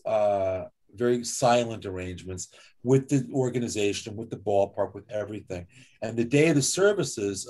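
A man speaking as an author and guest speaker, telling lively personal anecdotes in a conversational way over slides, with many casual fillers. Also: fairly low pitch. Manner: conversational, lively, with frequent "like" and "you know". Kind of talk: anecdotal storytelling talk with slides.

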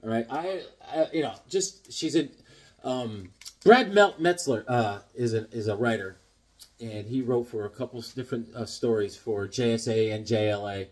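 Mid-range and a little mellow at a normal speed, a middle-aged comic collector unboxes recent comics in a casual vlog. He rambles with enthusiasm, slipping into acted-out voices as he tells stories.

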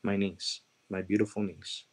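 A man from Chicago telling his conversion testimony as a guest, earnest and halting, with many "like" and "you know" fillers. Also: sits low, little pitch movement, darkish tone, breathy edge, poor audio. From Chicago, USA. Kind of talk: personal testimony storytelling.

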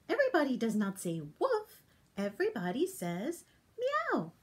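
A woman's voice: high-pitched, huge pitch swings, moderate pace. A woman leading a toddler storytime, reading a picture book aloud and leading rhymes in a playful sing-song way. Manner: sing-song and playful, with big animal sounds. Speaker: children's librarian hosting toddler storytime.

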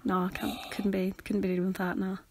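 A woman's voice: mid-range voice, little pitch movement, slight background noise. A young woman with a Northern Irish accent, co-hosting a podcast in joking casual chat. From Northern Ireland. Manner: chatty and joking, quick banter. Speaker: podcast co-host.

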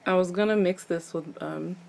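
A woman's voice: fairly low pitch, fairly even intonation, normal speed, creaky, darkish tone, a little hiss or hum. A young adult woman vlogger chatting casually through a makeup tutorial, playful and chatty, tossing in little sound effects. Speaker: beauty vlogger.

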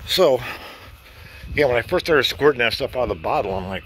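A man's voice: mid-range voice, expressive, fairly quick, fairly bright tone, a little hiss or hum. A man casually vlogging a home-improvement project in his garage, rambling and chatty with mild cursing. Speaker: DIY vlogger.

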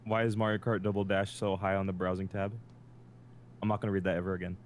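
Low-voiced young man, teasing. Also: little pitch movement, fast talker, background noise. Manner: teasing, dry jokes. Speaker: streamer. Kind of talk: casual gaming stream chat.

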